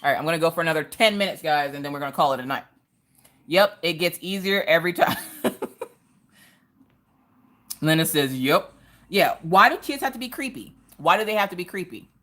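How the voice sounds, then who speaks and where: A woman hosting a casual crafting livestream, telling family stories in a lively, animated way. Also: low voice, fairly quick, long pauses. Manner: lively storytelling, acting out family voices. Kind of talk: casual chat while crafting.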